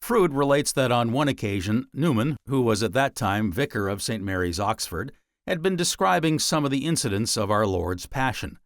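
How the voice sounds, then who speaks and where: A man reads an old book aloud as an audiobook narrator, in a measured and deliberate voice. His pitch rises and falls a great deal as he leans into key words. The sound is dry and close, with no room around it. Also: dry recording. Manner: measured, deliberate reading with dramatic pauses.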